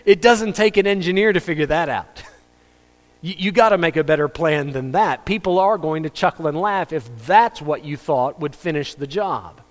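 A pastor with a fairly high-pitched voice preaches a sermon at a moderate pace, conversational and joking, acting out the voices of people he quotes. The long reverb of a hall surrounds him.

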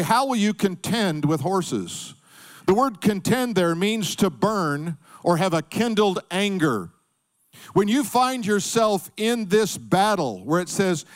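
Lively, high-pitched preaching man. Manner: emphatic preaching with call-and-response. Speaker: pastor. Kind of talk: sermon.

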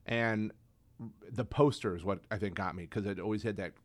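A man with a low voice co-hosting a podcast in loose, casual chat. He rambles enthusiastically, often stopping and restarting his sentences. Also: moderate pace. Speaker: podcast co-host.

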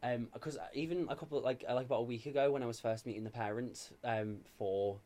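A man's voice: mid-range voice, fairly even intonation, fast, warm tone. Chatty young Scouse man. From Liverpool, England. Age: 20s. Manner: chatty, hesitant, many fillers and restarts. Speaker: guest. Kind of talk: casual chat. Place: theatre dressing room.

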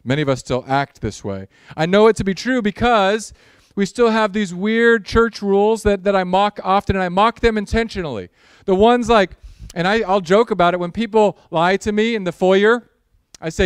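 Animated preaching man, smooth dry voice. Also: high voice, moderate pace, no room sound. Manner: animated preaching with sarcastic asides and acted-out quotes. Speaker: pastor. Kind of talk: sermon with opening prayer. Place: church sanctuary.

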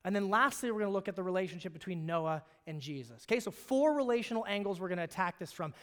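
Speaking fast in a high, expressive, fairly bright voice, an Alaskan pastor delivers a sermon as conversational storytelling. He frequently starts phrases over, and the church sanctuary lends the recording a long, hall-like reverb.

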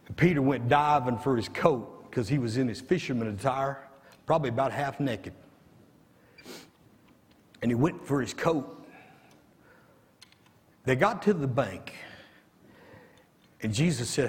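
A man preaching a sermon as pastor, leading phrases with "uh" and building to shouts. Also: medium pitch, animated, a little slow, long pauses, in a large hall. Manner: preaching with frequent "uh" before each phrase, rising to shouts.

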